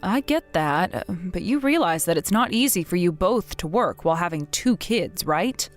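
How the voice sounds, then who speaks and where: A woman playing a blunt, widowed older mother who scolds her grown son in a measured, firm way, in a scripted text-message drama. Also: fairly low pitch, expressive, faint music behind, natural voice. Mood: stern.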